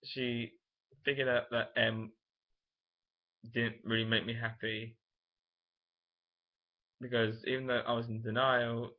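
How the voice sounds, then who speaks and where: A man's voice: mid-range voice, little pitch movement, slow, long pauses, highs cut off. A young man, telling a personal story to camera in a rambling, candid way, full of fillers and self-corrections. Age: late teens. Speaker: vlogger.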